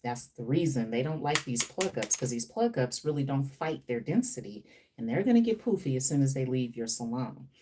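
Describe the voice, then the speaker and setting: A woman's voice: very deep voice, expressive, moderate pace, warm tone, distant mic. A woman who styles hair on a live stream, chatting playfully with viewers as she works. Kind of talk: live stream chat while styling hair. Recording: off-mic with faint background noise.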